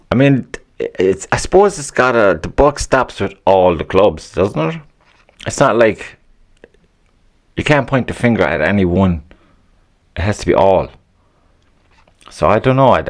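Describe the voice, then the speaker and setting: Low-voiced man ranting. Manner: profane, rambling, laughs at own jokes; annoyed, grumbling. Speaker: podcast host. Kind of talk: casual solo podcast rant.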